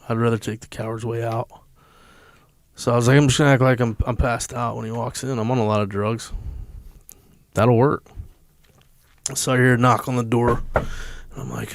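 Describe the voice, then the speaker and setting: A man's voice: mid-range voice, dry recording. A man from the United States telling a personal story as a podcast guest, candid and profane, with plenty of feeling. His voice sits in an ordinary middle register. The sound is dry and close, with no room around it.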